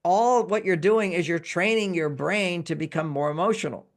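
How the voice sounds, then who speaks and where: Gravelly, higher-pitched man explaining emotions. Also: moderate pace. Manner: animated, acts out example phrases in quotes. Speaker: relationship expert guest. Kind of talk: explanatory interview talk.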